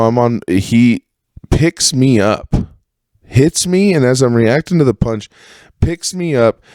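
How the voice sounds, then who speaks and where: A man's voice: fairly low pitch, dry recording, clean studio sound. Profane rambling man telling stories. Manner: profane, rambling, animated when quoting others. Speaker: podcast host. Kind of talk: casual storytelling monologue.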